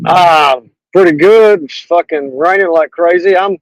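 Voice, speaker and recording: A man calling in as a panel guest, loud and joking. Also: high-pitched, a little slow, dry recording, rough recording.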